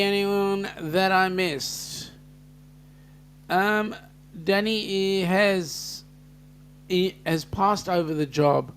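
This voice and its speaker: Slow, gravelly Australian man chatting. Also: fairly high pitch, a little hiss or hum. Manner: jokey, chatty, greets viewers by name. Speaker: host. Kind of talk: casual live-stream chat reading comments.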